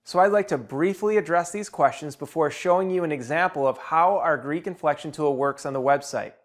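Measured, teacherly man with a higher voice. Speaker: tutorial presenter. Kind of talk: scripted explanatory narration.

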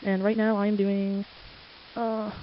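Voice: medium pitch, monotone, a little slow. A teenager with a stuffy, congested nose, chatting and rambling casually while drawing at home late at night. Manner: chatty, rambling, easily sidetracked. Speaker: amateur artist. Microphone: desktop microphone. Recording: lo-fi with faint hiss.

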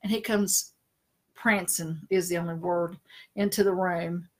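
In a lowish voice and at a slightly slow pace, a middle-aged spiritual consultant chats casually on a live stream. She's full of stories, quick to laugh, and fond of doing funny voices.

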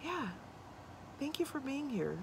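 A woman's voice: high-pitched, sing-song, unhurried, creaky, noisy background. A young adult woman chatting casually to camera from inside her van, bubbly and corny, rambling with lots of ums. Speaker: vlogger. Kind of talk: casual vlog chat to camera.

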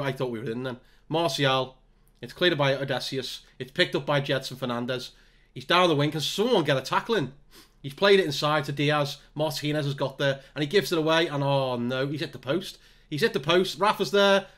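A man commentating on his own football management game, muttering to himself and bursting out when goals come. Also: a little high. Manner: excitable, talks to himself, groans and mutters between bursts. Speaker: gaming YouTuber.

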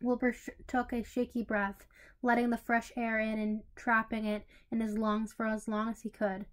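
Lady reading a fanfic out loud, even pace, few little stumbles, higher voice. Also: normal speed. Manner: even, with small slips and restarts. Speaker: story reader. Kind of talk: fanfiction audiobook narration.

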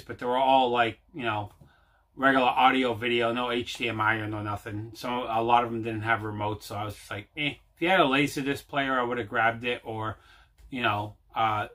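In a home video he hosts himself, a man with a medium-pitched, sharp-toned voice recounts a long, casual story. He wanders, says things twice and fills gaps with filler words.

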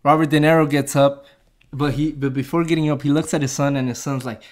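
A man's voice: a little high, fairly even intonation, a little fast. A man casually retelling a movie's plot, rambling with lots of fillers and chuckling at his own jokes. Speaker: movie reviewer.

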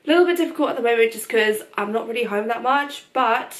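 A young woman talks straight to her camera at home in a casual, open life update. Her voice sits a little high, and she fills the gaps with "um" and "like" and breaks into laughter often. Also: fast talker. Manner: chatty, open, laughs often, many fillers. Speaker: vlogger.

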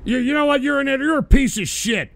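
A man hosting a radio show, ranting angrily with profanity and stammering restarts, often breaking into shouts. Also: very high voice, quick pace, gravelly, dry recording. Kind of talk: angry on-air rant.

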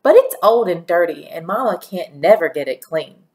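A woman's voice: fairly low pitch, moderate pace. A woman playing an eager impatient little girl. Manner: pleading, excited questions.

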